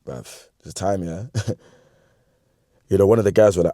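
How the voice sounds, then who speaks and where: A man in his twenties with a London accent, telling a funny story from his youth in slangy, animated talk that he breaks up with laughs. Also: low voice, normal speed, dry recording, clean studio sound. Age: 20s. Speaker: vlogger. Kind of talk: comedic storytime.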